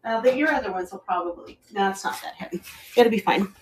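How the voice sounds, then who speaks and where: An American woman runs a live jewelry sale stream, chatting casually while she shows off pieces, calls out starting prices, and thanks viewers by name. Her medium-pitched voice moves at a quick pace, with noise in the background.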